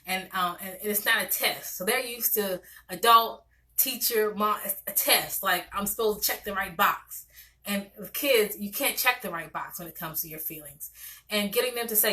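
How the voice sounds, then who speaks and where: Woman, therapist, bright and forward tone; chatty, animated teaching delivery with plenty of restarts. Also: medium pitch, normal speed. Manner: animated and conversational, with many restarts. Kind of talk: casual teaching talk to parents.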